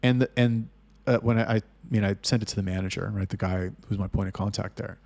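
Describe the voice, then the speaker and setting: A man telling a business story in a casual monologue, blunt and full of swearing, getting loud and heated as he retells arguments. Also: on the low side, steady tone, fast talker, gravelly. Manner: blunt, heavily profane storytelling. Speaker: agency owner telling business stories.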